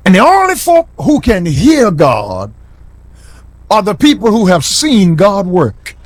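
High-pitched, lively preaching man. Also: takes it slowly, dry recording. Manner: call-and-response preaching, repeating lines, rising to shouts. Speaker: pastor. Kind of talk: sermon. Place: church sanctuary.

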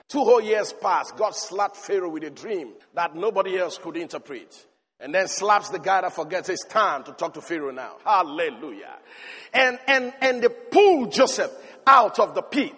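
A high-pitched male preacher delivers a fervent sermon. He moves between loud, urgent calls to the congregation and quieter, lower storytelling. His voice rings with the long reverb of a large hall. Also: lively intonation, normal speed, husky. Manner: passionate, swinging between loud exhortation and low storytelling. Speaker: pastor.

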